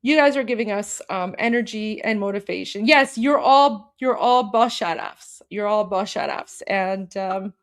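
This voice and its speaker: A woman's voice: mid-range voice, a little slow, hardly any pauses. A woman in her thirties hosting a livestream, talking to viewers in a rambling, hesitant way. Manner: rambling, hesitant, emotional and warm toward viewers. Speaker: livestream host. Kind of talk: casual livestream chat to viewers.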